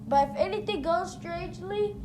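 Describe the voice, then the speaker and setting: A woman voicing a caring, gentle mother who sounds sweet and reassuring, recorded in a roomy space. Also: very high-pitched, normal speed. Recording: roomy echo, faint noise.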